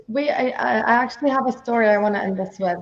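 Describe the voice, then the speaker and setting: A woman's voice: fairly high pitch, brisk. A woman with a foreign accent, co-hosting a podcast and telling a story in casual chat with laughs. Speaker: podcast co-host. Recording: dull lo-fi sound.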